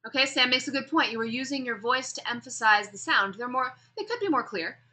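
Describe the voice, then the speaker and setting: A woman with a bright, forward voice teaches a speech class. She swings her pitch up and down to show contrast and calls on students with questions. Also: fairly quick. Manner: animated, demonstrates pitch and emphasis, asks students questions. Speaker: speech instructor. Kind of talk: classroom lecture.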